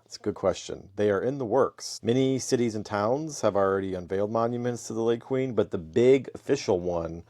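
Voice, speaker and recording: A man's voice: fairly low pitch, brisk, few pauses, a little mellow. An American man co-hosting a casual podcast, reading out listener questions and answering them at length. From United States. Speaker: podcast co-host. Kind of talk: casual chat.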